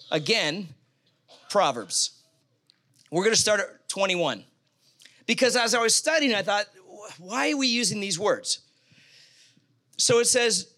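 A man with a high, bright voice delivers a sermon in a church, talking easily and animatedly. He throws questions and asides out to the congregation as he goes. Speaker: pastor.

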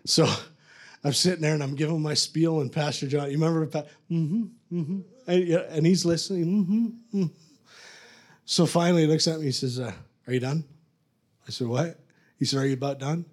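A man's voice: on the high side, steady tone, fairly quick. Rambling man telling his testimony. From Canada. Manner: rambling, self-mocking storyteller. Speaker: preacher giving testimony. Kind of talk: testimony storytelling.

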